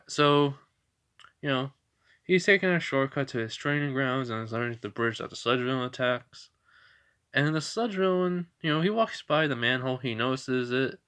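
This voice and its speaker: A man's voice: mid-range voice, bright, forceful tone, clear, resonant tone. Young man, casual storyteller, rambling, fan story narration. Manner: rambling with fillers and restarts.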